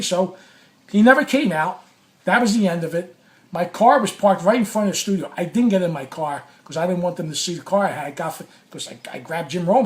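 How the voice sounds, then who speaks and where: A man telling a personal story in a casual, animated way, swearing often and acting out what he said. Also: high-pitched. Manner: animated, profane, reenacts his own quotes. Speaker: former sports radio caller.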